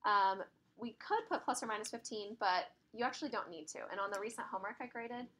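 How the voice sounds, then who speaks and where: A woman's voice: medium pitch, quick pace, fairly bright tone. Chatty woman teaching math class. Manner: chatty, laughs while telling stories. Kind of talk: classroom lecture.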